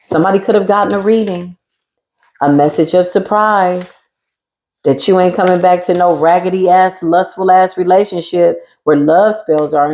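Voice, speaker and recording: A woman giving a casual tarot reading with a sassy, mocking manner, swearing freely and laughing loudly. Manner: swings between low murmurs and high teasing squeals. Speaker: tarot reader.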